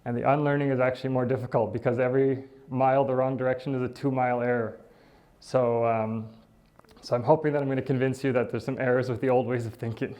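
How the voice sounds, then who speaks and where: Middle-aged man, dentist, casual presentation, flat and even delivery, fillers and asides. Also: medium pitch, quick pace. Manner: conversational, with fillers, laughs and "right?" asides. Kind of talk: casual talk.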